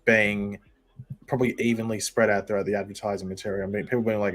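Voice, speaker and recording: Male co-host, low voice, rapid casual chat. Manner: relaxed, casual, uses lots of "like".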